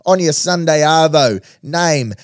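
A man hosting a sports podcast, talking in a blokey, energetic, slangy way. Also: fairly high pitch, unhurried, dry recording, clean studio sound. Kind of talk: casual chat and sports commentary.

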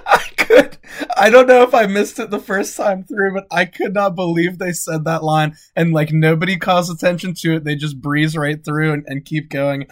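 A man co-hosting a podcast, telling amused stories in a relaxed, casual way. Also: fairly high pitch, normal speed. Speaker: podcast co-host.

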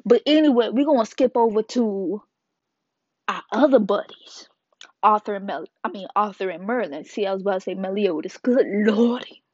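A woman's voice: mid-range voice, darkish tone. Woman vlogger, casual slangy manga recap; lo-fi sound, no room echo. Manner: slangy and playful, retells scenes with quick asides. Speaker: manga reviewer. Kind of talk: casual video review. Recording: dull lo-fi dry sound.

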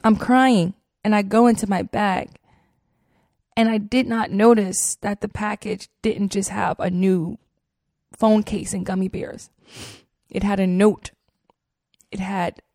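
Earnest woman podcast host, gravelly texture, dry close mic, personal storytelling. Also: medium pitch, darkish tone, dry recording. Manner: earnest, heartfelt, with fillers and repeats.

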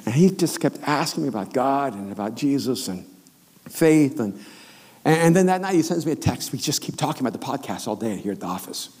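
Husky-voiced male pastor in a reverberant hall. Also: mid-range voice, fairly quick. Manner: storytelling, animated, acts out quoted voices. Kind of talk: sermon. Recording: long reverb of a large hall.

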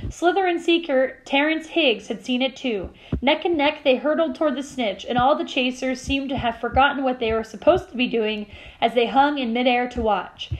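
High-voiced teacher reading a story aloud. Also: female voice, rough recording. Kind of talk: reading a novel aloud to a class.

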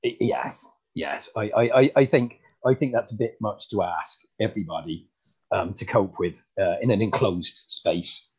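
A man voicing a bumbling rural farmer comedian with a rural English accent, talking in a halting, stammering, folksy way. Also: on the high side, animated. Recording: dull lo-fi sound.

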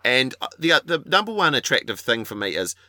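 A man's voice: medium pitch, big pitch swings, quick pace, sharp tone, no room sound. A man co-hosting a podcast, rambling in laid-back, crude banter. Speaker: podcast co-host. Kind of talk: casual banter.

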